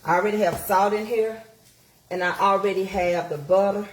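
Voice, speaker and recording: A woman's voice: medium pitch, fairly even intonation, moderate pace, slight background noise. Woman vlogging while cooking, echoey kitchen. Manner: chatty, folksy, motivational asides. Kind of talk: casual livestream chat while cooking. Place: home kitchen. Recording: echoey kitchen with frying sizzle.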